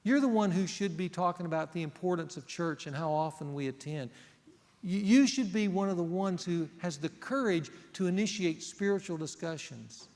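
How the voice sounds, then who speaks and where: A male pastor preaches earnestly at a moderate pace, hitting key words hard before sinking to almost a whisper, swinging between loud and hushed. His voice is high for a man, and a long reverb makes it seem to fill a large church sanctuary.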